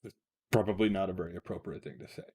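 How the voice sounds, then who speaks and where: A man's voice: deep voice, fairly even intonation, fast, dark tone, husky. A man co-hosting a casual comic-book chat, blunt and teasing as he disagrees with the others. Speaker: podcast co-host.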